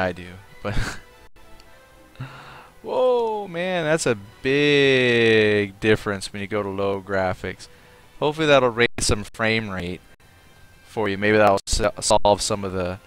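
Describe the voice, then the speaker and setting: A man's voice: lowish voice, fairly even intonation, measured pace, a bit bright, smooth, soft background music. A man streaming a game live, chatting casually, thinking aloud and reading out viewers' comments. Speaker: livestream gamer.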